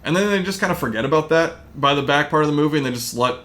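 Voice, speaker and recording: A man's voice: fairly high pitch, very fast, a bit bright. A man hosting a podcast in casual chat, rambling through a movie recap with lots of fillers. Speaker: podcast host.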